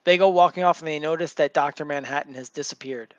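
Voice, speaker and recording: A man's voice: fairly high pitch, fast talker, no echo, highs cut off. Chatty man recapping a story, dry sound. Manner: loose and rambling, with many fillers and restarts. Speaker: show host recapping a comic. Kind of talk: casual retelling of a story to a co-host.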